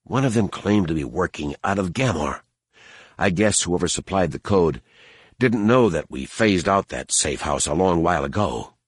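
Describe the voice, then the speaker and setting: Man doing a hurt gruff agent guy, low and clipped, grim. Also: lively intonation, normal speed, no room sound, clean studio sound. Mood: grim, terse. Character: grim wounded male secret agent, gruff.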